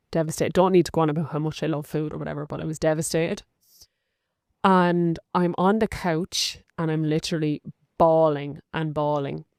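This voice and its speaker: A woman's voice: low voice, darkish tone, no echo, studio quality. An Irish woman hosting a podcast, talking in a chatty, open and personal way, full of likes and rights. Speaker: podcast host. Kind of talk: casual confessional monologue.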